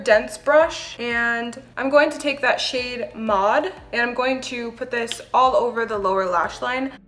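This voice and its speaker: A young woman chatting through a makeup tutorial, explaining each step in a relaxed, talkative way with the odd light laugh. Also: on the high side. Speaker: beauty vlogger. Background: background music.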